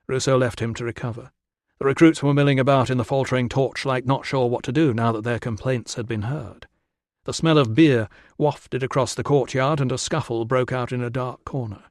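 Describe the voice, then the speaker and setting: A man reading a historical novel as audiobook narration, steady storytelling in a close studio recording. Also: mid-range voice, brisk, dry recording. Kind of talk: scripted narration.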